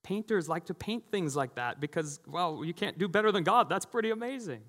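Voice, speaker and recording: A man's voice: high voice, expressive, a little fast, a bit bright. A pastor in his thirties giving a conversational sermon in a church, telling stories, laughing often and leaning on "you know". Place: church sanctuary. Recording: long church hall reverb.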